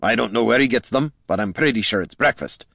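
Man doing a gruff grumpy dwarf. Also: mid-range voice, expressive, quick pace, a bit bright, no echo, clean studio sound, full character voice. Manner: gruff, terse, folksy dialect.

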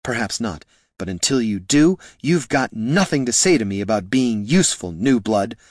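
A man voicing a blunt, violent, hard-drinking woman ranger with a sharp, scolding manner in an audiobook. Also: mid-range voice, animated, normal speed, no room sound, studio quality, close to an everyday voice. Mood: fierce.

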